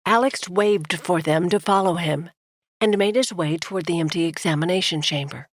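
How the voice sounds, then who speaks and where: A woman narrating an audiobook in a steady, measured way. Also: lowish voice, dry recording.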